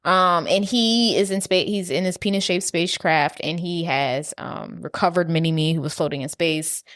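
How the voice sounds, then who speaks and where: A woman's voice: on the low side, steady tone, moderate pace, a bit bright, no echo. A woman co-hosting a podcast, casually retelling a movie plot with loose fillers and bits of quoted dialogue. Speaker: podcast co-host.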